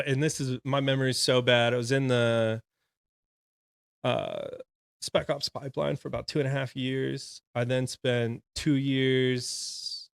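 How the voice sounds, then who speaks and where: A man's voice: mid-range voice, creaky, clean tone, dry recording, studio quality. A man in his thirties, a retired Navy corpsman, telling his story as a podcast guest in a casual, frank way and laughing often.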